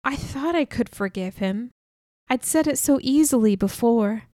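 A woman reads a novel aloud in the first person, telling it with earnest feeling. Her voice sits somewhat high. The sound is dry and close, with no room around it. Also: lively intonation, unhurried, mellow, no echo. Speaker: audiobook narrator.

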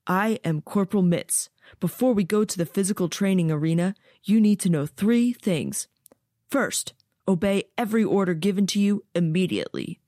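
A woman's voice: medium pitch, lively intonation, normal speed, mellow, dry recording, clean studio sound, lightly acted. A woman voicing a stern male corporal giving clipped orders to recruits in an audiobook. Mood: commanding.

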